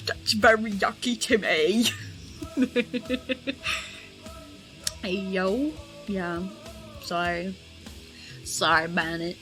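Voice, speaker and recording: A woman's voice: medium pitch, slow pace, long pauses, a bit bright, faint music behind, low-quality recording. A young woman streaming while she draws, chatting casually with lots of fillers, giggles and squealed reactions. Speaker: art streamer. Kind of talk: casual chat while drawing.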